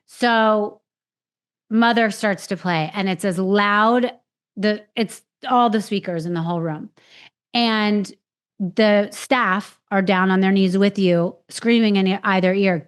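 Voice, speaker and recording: A woman's voice: medium pitch, measured pace, clean tone. A woman podcast host frankly recounting her own experiences, swearing freely and acting out what others said to her. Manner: frank, swears freely, retells with quoted voices. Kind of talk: candid personal storytelling.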